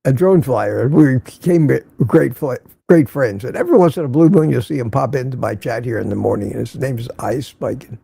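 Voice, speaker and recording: A man's voice: medium pitch, fairly quick, vocal fry, few pauses, mellow, slightly rough, dry recording. An older man hosting a casual morning livestream, greeting viewers by name and reading the chat aloud. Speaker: livestream host.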